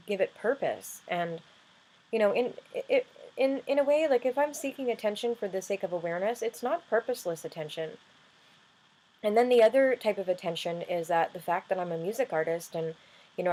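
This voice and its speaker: A woman talking earnestly in a personal vlog, halting and restarting often as she explains her life with a chronic illness. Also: lowish voice, a little mellow, poor audio. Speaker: vlogger and music artist.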